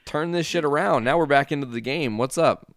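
A man's voice: fairly high pitch, brisk, no echo, clean studio sound. A man hosting a casual podcast chat, joking and swearing in easy banter. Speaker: podcast host.

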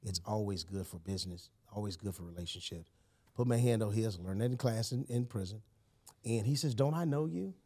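A lowish-voiced man speaking a little fast relates a personal story as a podcast guest. The talk is casual, and he's energetic and emphatic, with plenty of "you know" and "man."

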